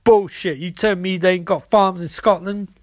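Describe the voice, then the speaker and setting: A woman's voice: low-pitched, normal speed, no echo, clean studio sound, lightly acted. A man voicing a tough, cigar-smoking woman who leads a frontier gang, talking in a brash, bossy, crude way. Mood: hard, bossy.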